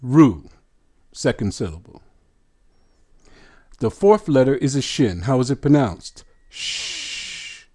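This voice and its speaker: A man teaching scripture line by line, deliberate and insistent, sounding out words syllable by syllable and asking rhetorical questions. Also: mid-range voice, lively intonation, warm tone. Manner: earnest and insistent. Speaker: bible teacher.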